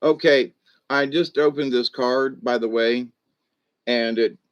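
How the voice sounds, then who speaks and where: An older man telling personal stories to his channel in a casual, halting way, often restarting his sentences. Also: medium pitch, fairly even intonation. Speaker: channel host. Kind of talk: casual rambling storytelling.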